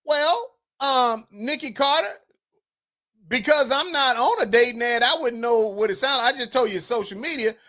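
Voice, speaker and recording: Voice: medium pitch, expressive, normal speed, sharp tone. Teasing host with a drawl. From North Carolina, US South. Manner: teasing, chatty, scolds and jokes with viewers. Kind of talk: livestream chat, reading viewer comments aloud.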